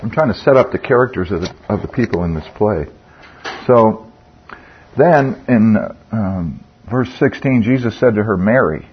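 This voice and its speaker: A man's voice: fairly low pitch, animated, moderate pace, slight background noise. An older man teaching a Bible study group in a conversational way, asking the group questions, with fillers and restarts. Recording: dull lo-fi sound.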